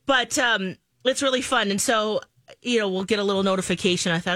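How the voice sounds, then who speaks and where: A woman in her thirties co-hosting a morning radio show, telling stories in an animated way and laughing often. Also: medium pitch, a little fast, no room sound. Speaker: co-host. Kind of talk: casual morning radio chat.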